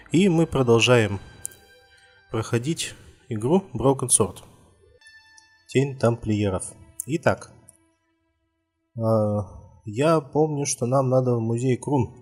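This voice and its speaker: Man, let's play host, joking and teasing, mid pitch, faint game music behind. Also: takes it slowly, pauses often, a little mellow, breathy edge. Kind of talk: casual game commentary.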